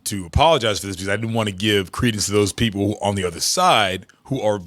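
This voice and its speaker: Bright-voiced co-host, dry mic. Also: male voice, on the low side, no echo. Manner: quick interjections, joking. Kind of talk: casual commentary chat.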